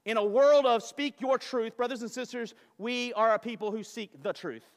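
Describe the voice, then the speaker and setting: A male pastor, preaching a passionate, storytelling sermon that swings between loud and soft. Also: very high-pitched, normal speed. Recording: long hall reverb.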